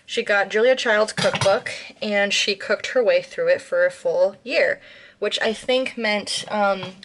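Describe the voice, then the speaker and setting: An American woman talks her way through a home cooking vlog in a loose, rambling way. She fills gaps with ums, restarts her sentences and corrects herself as she goes. Her voice sits at an ordinary middle pitch for a woman. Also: fairly bright tone, slight background noise. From United States. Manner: rambling, chatty, with frequent ums and self-corrections. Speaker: vlogger. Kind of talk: casual cooking vlog chat.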